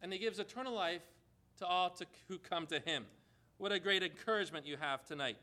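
Male preacher, high and bright, emphatic sermon delivery with questions to the congregation. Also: a little fast.

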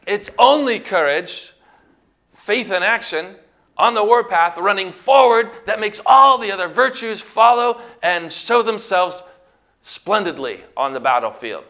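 A man's voice: high-pitched, pushed and bright. A man preaching a sermon, emphatic and full of rhetorical questions to his congregation.

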